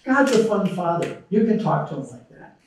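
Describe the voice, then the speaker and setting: A middle-aged man with a high-sitting voice speaks at normal speed during a conference talk in a large hall, telling lively stories, animatedly acting out quotes, and taking audience questions. The recording is echoey and distant, with a little hiss or hum.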